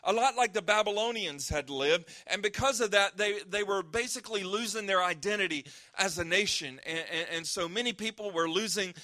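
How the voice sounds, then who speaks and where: A man preaching a sermon, reading scripture slowly and earnestly, then praying and explaining in a conversational way with some fillers and restarts. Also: high-pitched, sharp tone. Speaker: pastor.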